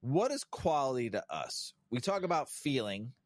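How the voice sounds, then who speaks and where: A man co-hosting a podcast in casual chat, rambling and swearing constantly, laughing loudly at his own stories on a studio mic. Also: medium pitch, big pitch swings, moderate pace, no room sound. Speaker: podcast co-host.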